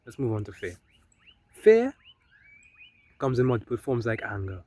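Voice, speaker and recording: A man's voice: lowish voice, fast talker, a little mellow, husky. A man giving casual spiritual self-help talk, loose and conversational, often adding "right?" and "you know?" between points.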